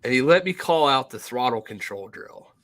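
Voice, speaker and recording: A man co-hosting a podcast, telling stories in casual chat, animated and profane, acting out others in a shouting voice. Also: medium pitch, normal speed. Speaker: podcast co-host.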